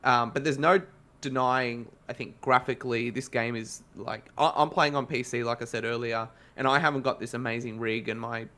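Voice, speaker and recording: A man with an Australian accent talks through a game review in casual podcast chat. He rambles and corrects himself mid-sentence, his voice sitting at an ordinary middle pitch. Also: bright, forceful tone. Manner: rambling, self-correcting, conversational.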